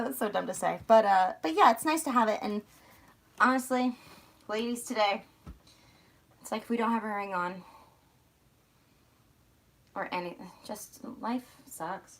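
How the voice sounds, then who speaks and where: A young woman from outside Philadelphia with a slight Philly accent, chatting casually and rambling on a livestream while she packs, a little hoarse. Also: on the high side. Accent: Philadelphia area. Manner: chatty, rambling, self-mocking. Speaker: vlogger.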